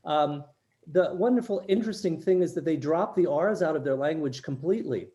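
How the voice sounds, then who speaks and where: Older East Coast man, mellow presenter voice. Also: a little high, fairly quick, muffled recording. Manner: explanatory, checks in with "right?". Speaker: workshop presenter. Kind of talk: teaching international students.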